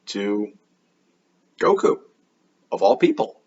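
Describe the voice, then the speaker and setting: A man's voice: mid-range voice, expressive, normal speed, a bit bright. Guy doing a casual anime review, sarcastic and rambly, average voice, kinda muffled lo-fi audio. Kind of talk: casual video review commentary.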